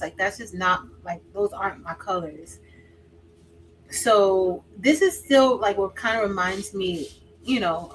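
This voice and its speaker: A woman hosting a craft livestream, chatting casually with viewers by name while she works, swinging from excited exclaiming to quiet asides. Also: medium pitch, slight background noise, rough recording. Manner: chatty, answers viewers by name, says y'all; drifts between excited exclaiming and soft asides.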